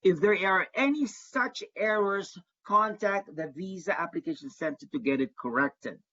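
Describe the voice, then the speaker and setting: A man leads an online workshop as an advisor to international students. He sounds earnest and says his main points twice to drive them home. His voice is a little husky, and the call audio is dull and lo-fi. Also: sits high, normal speed, bright, forceful tone. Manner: earnest, repeats key advice for emphasis. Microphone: video call.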